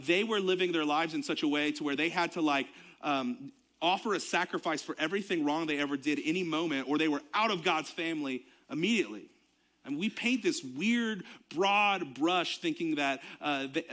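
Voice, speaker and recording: A man's voice: a little high, a bit bright. A young adult man, preaching a sermon to his congregation in a conversational way, with fillers and asides. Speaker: pastor.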